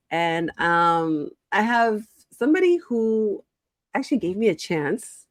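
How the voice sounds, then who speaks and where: A woman's voice: fairly low pitch, lively intonation, moderate pace, dry recording. Woman host with a dry, close sound. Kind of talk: interview hosting.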